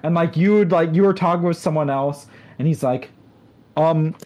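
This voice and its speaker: A woman's voice: low-pitched, a little fast, lo-fi sound. A woman co-hosting a podcast, telling a rambling story in casual chat, full of fillers and restarts. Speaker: podcast co-host.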